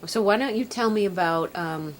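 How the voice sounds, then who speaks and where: A woman's voice: medium pitch, moderate pace, slight background noise. A woman with a Midwestern accent, interviewing an older man at his home with friendly, prompting questions. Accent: Midwestern American. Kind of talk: oral history interview.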